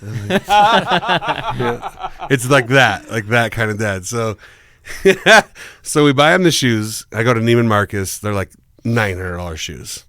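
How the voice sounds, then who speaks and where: A man co-hosting a podcast, casually telling a story, swearing often and mimicking others. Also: takes it slowly. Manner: animated, swears a lot, mimics his dad in a low gruff voice. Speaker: podcast co-host.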